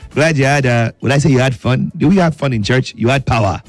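A man's voice: medium pitch, brisk, dry recording, soft background music. Playful Nigerian radio host man. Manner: playful, joking, reads listener messages aloud. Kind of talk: lively radio chat. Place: radio studio.

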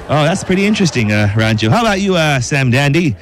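Nigerian male radio host in a comedy sketch, playful and animated, faint music underneath. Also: mid-range voice, fast, few pauses.

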